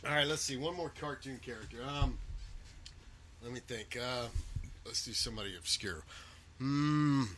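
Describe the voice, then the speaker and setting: A man's voice: mid-range voice, normal speed, long pauses, fairly bright tone, a little hiss or hum. A man hosting a loose, profane comedy podcast chat. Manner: loose, profane, laughing often. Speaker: podcast host.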